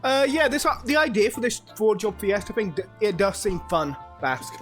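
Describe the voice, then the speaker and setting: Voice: medium pitch, sing-song, moderate pace, a bit bright, faint music behind. A co-streamer on a casual game stream, joking and chatty.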